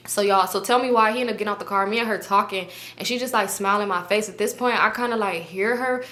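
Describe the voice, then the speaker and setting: Bright-voiced young woman telling a story. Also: mid-range voice, fast talker. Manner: animated, acts out everyone's lines in slang-heavy chat. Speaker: storytime vlogger. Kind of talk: casual storytelling to viewers.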